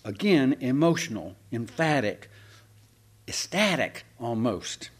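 A man preaching a sermon in a folksy, animated way, with sarcastic asides to the congregation. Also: mid-range voice, slow pace, slightly rough. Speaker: pastor.

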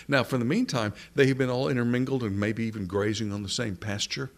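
A man's voice: medium pitch, a little fast, hardly any pauses. Man preaching a conversational sermon. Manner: conversational teaching with rhetorical questions.

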